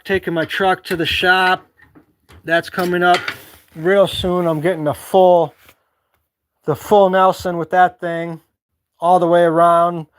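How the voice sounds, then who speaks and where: A man's voice: on the high side, a bit bright, a little hiss or hum. A man vlogging from a cabin with a woodstove, casually telling a story to the camera in an earnest, rambling way with lots of filler words.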